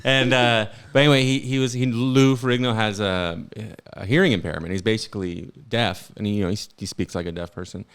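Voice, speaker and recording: A man's voice: fairly low pitch, fairly even intonation, fairly quick, few pauses, fairly bright tone, smooth. A man hosting a comedy podcast, telling rambling stories with restarts and frequent laughs. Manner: rambling storyteller, trails off and restarts, laughs a lot. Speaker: podcast host. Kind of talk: casual comedy chat.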